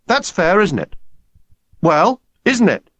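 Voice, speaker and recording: Brief: boisterous schoolboy leader, man reading, high and pushy, animated delivery. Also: slow pace, dry recording, full character voice. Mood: rallying. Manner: loud, urgent, pleading.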